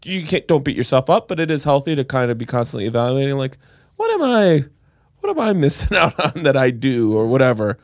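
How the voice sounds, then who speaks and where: A man's voice: mid-range voice, lively intonation, fast, few pauses, dry recording, studio quality. A man co-hosting a comedic advice podcast, talking bluntly and jokingly with some swearing. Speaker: podcast co-host.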